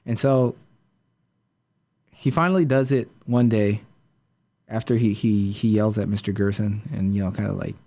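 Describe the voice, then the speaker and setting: A man's voice: fairly low pitch, steady tone, moderate pace, long pauses, dark tone. A man hosting a podcast, retelling a story in a casual, rambling way full of fillers and restarts. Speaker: podcast host.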